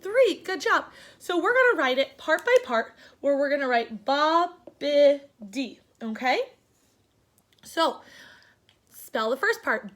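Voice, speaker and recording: Young woman teacher sounding out syllables slow, high voice that bounces all over. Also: animated, fairly bright tone. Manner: slow, sounding out word parts, encouraging. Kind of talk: recorded phonics lesson for children.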